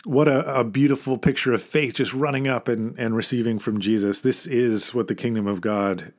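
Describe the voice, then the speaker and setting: A man's voice: medium pitch, steady tone, normal speed. A man preaching an informal, conversational sermon as a pastor, earnest and emphatic at key points.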